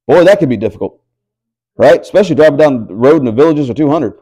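A man's voice: mid-range voice, animated, fast, pauses often, dark tone. A man preaching a sermon to a house church, reading scripture aloud and asking the listeners rhetorical questions. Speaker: pastor.

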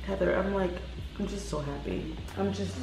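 A woman's voice: medium pitch, normal speed, gravelly, darkish tone, slight background noise, low-quality recording. A young woman vlogging in a casual chat, emotional and close to tears. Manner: emotional, tearful, laughing.

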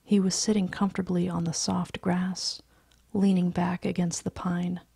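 A woman reading a story aloud in a hushed, breathy, soft-spoken voice. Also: fairly low pitch, flat delivery, normal speed, no echo. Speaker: story reader.

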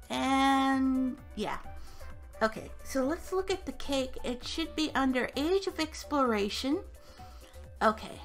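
A high-voiced woman talks her way through a game in a casual, upbeat let's-play commentary. She narrates every step aloud in a chatty manner. Faint music plays underneath. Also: a bit bright. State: hiccups. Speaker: gaming channel host.

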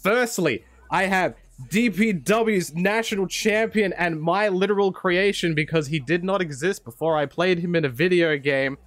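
A man's voice: high-pitched, normal speed, a bit bright, no echo. An Australian man hosting a casual gaming video, upbeat and teasing, laughing often. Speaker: host.

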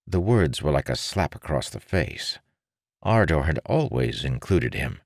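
Very deep-voiced male audiobook narrator. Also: very animated, normal speed, a little mellow, no room sound, studio quality. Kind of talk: scripted narration.

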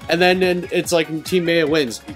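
A man's voice: a little high, steady tone, moderate pace, faint music behind. A man co-hosting a let's play, chatting casually and rambling through stories while he plays. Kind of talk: casual gaming commentary.

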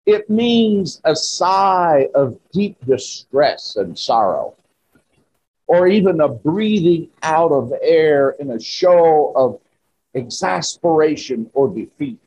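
A man preaching a sermon in church, slow and emphatic with rising exclamations. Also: on the high side, big pitch swings, darkish tone, a little hiss or hum, poor audio. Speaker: pastor.

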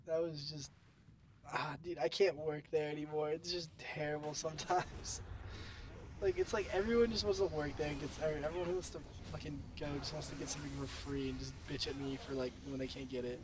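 A man's voice: on the high side, steady tone, brisk, noisy background. Profane young man telling a story. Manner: profane, laughing, rambling storyteller. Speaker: podcast co-host. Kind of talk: casual storytelling chat.

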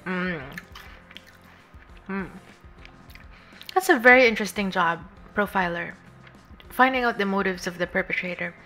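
A woman's voice: medium pitch, unhurried, pauses often. A woman streaming a game, chatting casually with her viewers, giggling often and sometimes reading the game's lines aloud. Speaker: VTuber streamer. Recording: faint music underneath. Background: soft game music.

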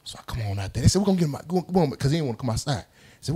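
Animated man telling a wild story. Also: a little high, rapid-fire, a little hiss or hum. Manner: animated, laughing, acts out quotes and sound effects. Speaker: podcast guest telling a story. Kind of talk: casual storytelling among friends.

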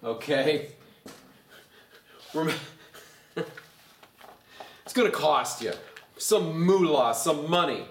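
A fairly high-voiced male pastor teaching a Bible study. He swings his pitch widely with sarcastic energy and gets loud when excited. He sounds distant from the mic in an echoey church room. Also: very slow, pauses often, a little hiss or hum.

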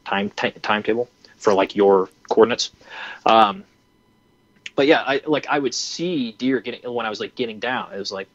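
A man in his twenties telling a hunting story in a casual way, animated and full of fillers. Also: fairly low pitch, fairly quick, dry recording. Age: 20s. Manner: animated, acts out his own reactions, many fillers. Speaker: hunting program founder and podcast guest. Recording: dry, slightly dull lo-fi audio.

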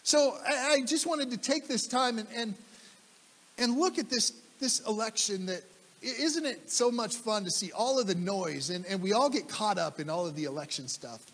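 In a church sanctuary, a pastor preaches a sermon with emphasis, repeating key phrases and putting questions to the congregation. His high voice is fairly bright and moderately paced, echoing as if in a large hall.

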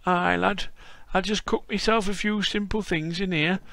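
A man putting on the voice of a very old, frail, friendly man with a Yorkshire accent, speaking in slow homely dialect. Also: sits high, fairly even intonation, gravelly, pushed and bright, no room sound, pitched above the performer's own voice, exaggerated voice.

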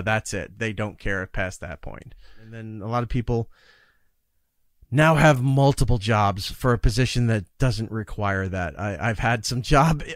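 A man's voice: on the high side, dry recording, studio quality. A man talking as a podcast guest and radio broadcaster in casual conversation, telling stories emphatically and acting out the dialogue. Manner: animated storytelling, acting out dialogue; emphatic, exasperated about work demands.

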